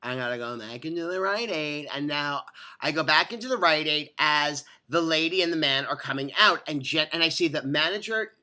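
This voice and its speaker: An adult vlogger telling a rambling, animated personal story and ranting at length, with frequent profanity and restarts. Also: medium pitch, moderate pace.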